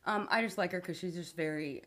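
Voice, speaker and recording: A woman's voice: on the low side, fairly quick, fairly bright tone. A woman co-hosting a podcast in casual chat, telling stories and laughing often. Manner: chatty, storytelling, laughs often. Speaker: podcast co-host.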